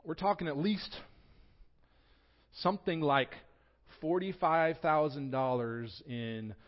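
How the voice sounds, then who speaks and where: Man preaching, slightly high voice, dull lo-fi recording, dynamic swings. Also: slow. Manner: expressive preaching, swings from quiet to loud. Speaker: pastor. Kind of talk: sermon. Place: church sanctuary. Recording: dull lo-fi sound.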